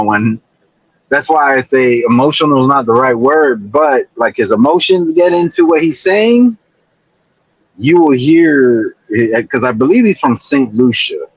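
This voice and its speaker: A man's voice: mid-range voice, no room sound, rough recording. A man chatting casually as a guest on a livestream panel, in a laid-back, rambling way. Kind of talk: casual chat.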